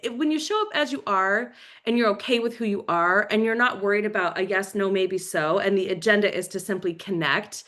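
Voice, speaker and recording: A woman's voice: mid-range voice, fairly bright tone. A woman leading a motivational team training, coaching energetically and acting out cheerful phone calls. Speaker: team leader.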